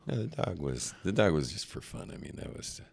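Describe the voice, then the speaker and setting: A man, a rabbi, telling a story as a podcast guest, acting out shouts and dropping to near whispers. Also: low voice, very animated, brisk, gravelly, husky.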